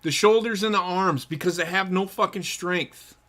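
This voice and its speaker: A man's voice: high voice, normal speed, a bit bright. A man co-hosting a casual sports podcast, ranting bluntly and cursing heavily. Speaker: podcast co-host.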